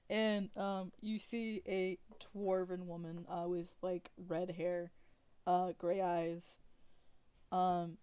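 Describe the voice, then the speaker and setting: Slow, smooth-voiced woman game master. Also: on the low side, level tone, warm tone. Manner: rambling, many ums and restarts. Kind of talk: narrating a tabletop game.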